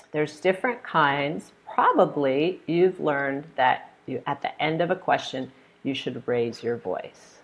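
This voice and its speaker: A woman's voice: low-pitched, vocal fry. An American woman teaching pronunciation in a live online lesson, patiently demonstrating intonation with examples. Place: hot room.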